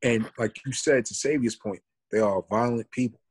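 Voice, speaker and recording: A man's voice: mid-range voice, normal speed, husky. A man, earnestly telling a story and reflecting on it in a casual podcast talk. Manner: earnest, reflective, builds an argument. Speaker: podcast co-host.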